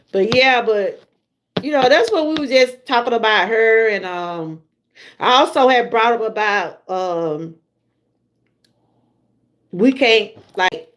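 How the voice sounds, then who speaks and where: A middle-aged woman with a Southern US accent, chatting casually to her viewers on a livestream and laughing often. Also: mid-range voice. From Georgia, USA. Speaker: livestream host.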